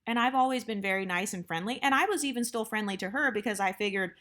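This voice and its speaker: A young adult woman talks through a workplace story in a loose, candid storytime style. Her mid-pitched voice rambles with frequent fillers and blunt asides. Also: fast talker, a bit bright. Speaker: storytime vlogger. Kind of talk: casual storytime monologue.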